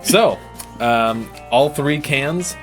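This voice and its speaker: A man running a tabletop game, narrating loosely with plenty of laughs and fillers. His voice sits at an ordinary middle pitch, friendly and relaxed in pace. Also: very slow, soft background music. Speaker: game master.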